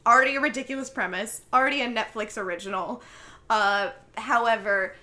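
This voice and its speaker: Woman co-host, enthusiastic film chat, bright and slightly high voice. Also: fairly quick. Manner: effusive, enthusiastic, gushing. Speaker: podcast co-host. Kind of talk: casual chat about films.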